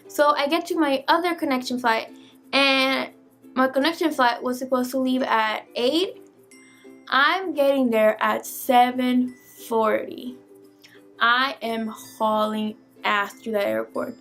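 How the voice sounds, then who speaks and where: A young woman vlogger telling a storytime tale in an animated, exasperated way, swearing casually. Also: high-pitched, unhurried, soft background music.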